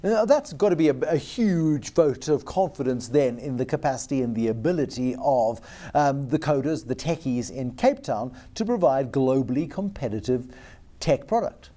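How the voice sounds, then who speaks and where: Host: man, warm dark tone, steady probing interviewer. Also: mid-range voice. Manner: measured, probing questions. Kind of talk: TV business interview.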